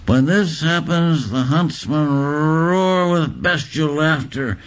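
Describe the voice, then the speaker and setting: A man reading literary prose aloud in a deliberate, deadpan recital. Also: fairly high pitch. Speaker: reader.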